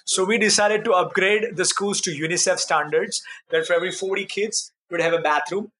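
A man speaks as a guest in an interview, his voice bright and a touch high. He tells his stories in an earnest, animated way. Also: brisk. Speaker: guest, nonprofit founder. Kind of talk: conversational interview storytelling.

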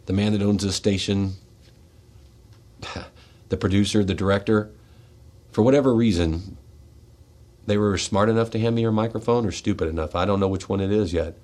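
A middle-aged man hosting a radio show, speaking in a raw, confessional monologue, tearful and shaky, swinging between forceful outbursts and hushed words. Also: lowish voice, fairly even intonation, moderate pace, pauses often. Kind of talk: emotional personal monologue. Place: radio studio.

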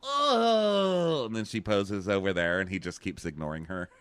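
A man co-hosting a casual chat, sarcastic and mocking, leaping into high voices to quote people. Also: steady tone, fairly quick, fairly bright tone, smooth, dry recording. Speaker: podcast co-host. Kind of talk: casual chat recapping a reality show.

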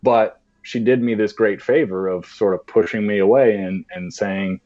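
Guy telling a story on a podcast, lowish voice, jumps into little voices for quotes, kinda muffled lo-fi sound. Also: normal speed. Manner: animated, acts out voices in quotes. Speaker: podcast guest. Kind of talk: storytelling in conversation. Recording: dull lo-fi sound.

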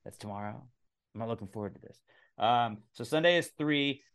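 A man hosts a casual comedy podcast in a loose, rambling way, cursing offhandedly. His voice is smooth and clear at an ordinary middle pitch. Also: a little fast, a bit bright. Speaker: podcast host.

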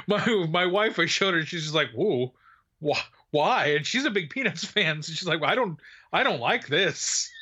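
A man's voice: fairly high pitch, bright, forceful tone. A man co-hosting a podcast in casual chat, rambling with fillers, restarts and frequent laughs. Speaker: podcast co-host.

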